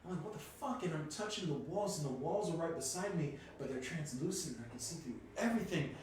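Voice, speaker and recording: Animated storytelling man, echoey far mic. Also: fairly high pitch, fast. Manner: animated, swearing, voice rising to shouts at peaks. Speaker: podcast guest telling his story. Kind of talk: casual storytelling. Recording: echoey room, distant from mic, faint noise.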